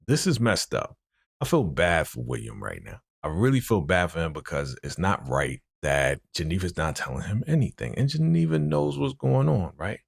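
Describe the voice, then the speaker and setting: A TV recap vlogger with a deep, gravelly, sing-song voice talks at a normal pace in clean studio sound with no echo. He casually walks through a TV episode, acting out scenes with quoted dialogue and saying bluntly what he doesn't like.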